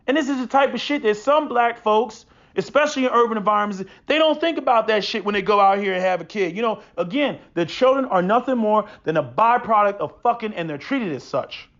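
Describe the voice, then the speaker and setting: A man's voice: high-pitched, expressive, a little fast, few pauses, fairly bright tone. A man in a profane, preachy opinion monologue who often stumbles into repeated restarts. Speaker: podcast host. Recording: dull lo-fi sound.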